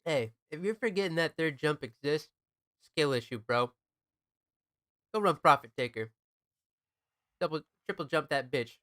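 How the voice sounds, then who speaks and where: A man's voice: a little high, expressive, unhurried, pauses often, a bit bright, no room sound, studio quality. A young man chatting casually while streaming a game, laid-back, joking and swearing often. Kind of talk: casual chat while gaming.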